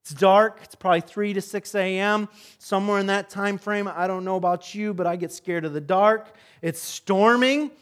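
High-voiced pastor, animated sermon. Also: male voice, normal speed, few pauses. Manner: animated storytelling, swings between loud and soft.

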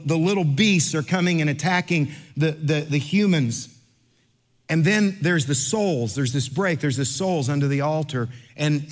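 Animated storytelling pastor, fairly high voice. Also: male voice. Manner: animated storyteller, acts out other voices, then slows for scripture. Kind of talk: sermon with storytelling.

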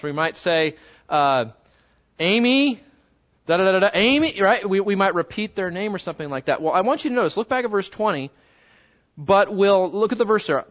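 High-voiced man teaching a Bible class. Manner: conversational, questions the class often and reads scripture slowly. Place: in front of a live group. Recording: dull lo-fi recording.

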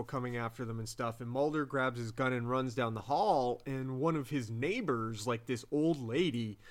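A man's voice: medium pitch, fairly bright tone. A man hosting a podcast, casually retelling a TV episode in a chatty way and laughing as he goes. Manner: chatty, laughing, acts out quotes in bigger voices. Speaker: podcast host.

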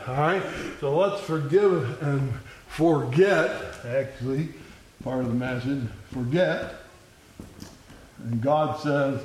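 A man teaching an adult Bible class, who builds to loud, repeated exclamations and chuckles between points. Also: medium pitch, takes it slowly, a little hiss or hum.

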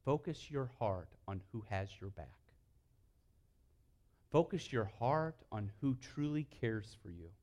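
A man preaching a sermon as pastor, telling humorous stories and swinging from hushed, earnest moments to loud, lively bursts. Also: medium pitch, slow pace, long pauses.

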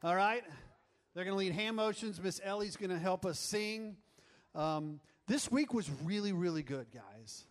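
A worship leader with a high-sitting, expressive voice speaks at a moderate pace in a church room with an audience. He teaches the congregation a song, keeping things upbeat with coaxing and teasing remarks.

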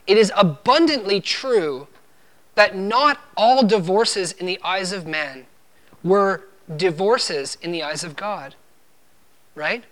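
A man's voice: high-pitched, bright, forceful tone. A man preaching a sermon as pastor, earnest and emphatic, driving points home with firm repeated refrains.

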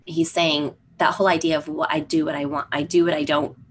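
A woman's voice: sits low, level tone, fairly quick, a little hiss or hum. A woman co-hosting a casual Bible discussion podcast, thoughtful and affirming as she reflects on the readings. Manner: thoughtful, fills in with affirming murmurs. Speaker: podcast co-host.

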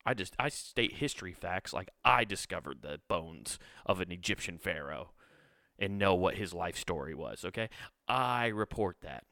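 A man's voice: expressive, normal speed, gravelly, pushed and bright, no echo, clean studio sound. A man hosting a solo podcast, ranting with plenty of swearing and mocking others now and then in a sneering voice. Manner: profane, ranting, mocks others in a high sneering voice. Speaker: podcast host.

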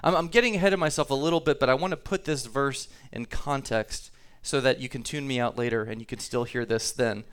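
A man's voice: medium pitch, a little fast, few pauses, a bit bright, smooth. A man preaching a sermon to his congregation, talking easily, reading scripture aloud and repeating himself now and then. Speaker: pastor.

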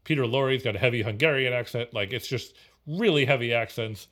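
A man's voice: medium pitch, fairly quick, fairly bright tone. A man co-hosting a casual film podcast, rambling with many fillers and restarts. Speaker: podcast co-host.

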